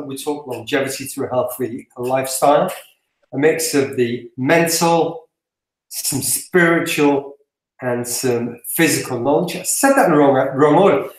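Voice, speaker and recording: A man's voice: a little high, unhurried. A man with a British accent co-hosting a casual podcast, wry and sarcastic. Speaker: podcast co-host. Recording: very roomy echo.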